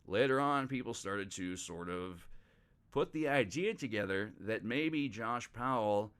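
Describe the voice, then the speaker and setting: A man's voice: on the low side, expressive, a little slow, fairly bright tone, clean tone. A man hosting a podcast, telling a true-crime story in a casual, rambling way, swearing freely and mocking the people he talks about. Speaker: podcast host.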